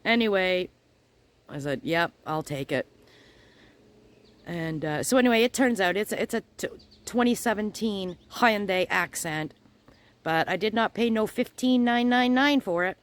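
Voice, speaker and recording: A chatty middle-aged woman tells a personal story straight to her viewers, in the easy, informal tone of a home vlog. Her pitch sits in an ordinary middle range for a woman. She slips into the other people's lines as she goes and keeps the talk rolling along. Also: unhurried. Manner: chatty, animated storyteller acting out both sides of conversations. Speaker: crochet channel host.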